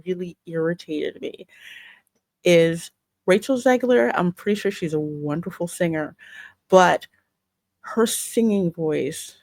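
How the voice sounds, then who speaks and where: Animated woman chatting about a film. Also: on the low side, no echo. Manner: animated, hurried and full of restarts. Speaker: film review co-host. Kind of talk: casual review chat.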